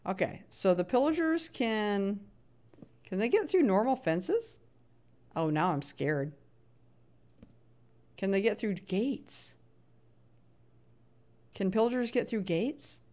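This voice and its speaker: A woman's voice: mid-range voice, expressive, takes it slowly, pauses often, darkish tone. A middle-aged woman streaming a block-building game, chatting casually, reading chat aloud and sounding playfully exasperated.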